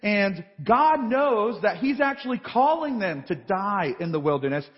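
A man's voice: high-pitched, unhurried. A man preaching a sermon in a large church, reading scripture aloud and acting out the voices in the story. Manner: animated, reads scripture then acts out voices. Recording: dull live church feed with long reverb.

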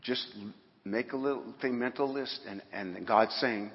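A man's voice: medium pitch, a little slow. A man preaching a sermon in a folksy way, with bursts of rising emphasis. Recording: dull sound in a hall with long reverb.

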